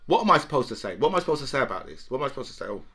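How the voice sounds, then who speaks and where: A man's voice: medium pitch, big pitch swings, racing, bright, forceful tone, slightly rough. A man giving heated political commentary. He talks emphatically, swears, and keeps asking "right?".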